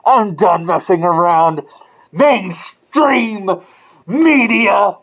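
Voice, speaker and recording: An online commentator delivering an angry, profane rant with drawn-out, stressed words. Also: medium pitch, big pitch swings, highs cut off. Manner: furious, profane, emphatic.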